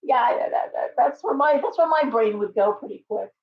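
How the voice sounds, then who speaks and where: A woman's voice: a little high, expressive, brisk. A woman hosting a live show as a tarot reader, talking in a chatty, rambling, blunt way with frequent restarts. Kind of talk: casual live-stream chat. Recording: dull lo-fi sound with faint hum.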